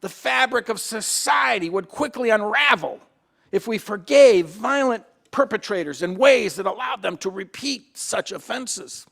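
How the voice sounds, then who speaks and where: A man's voice: high voice, creaky, fairly bright tone. A male pastor giving a conversational sermon, asking the congregation questions and sometimes repeating himself as he restarts. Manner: acts out quoted voices.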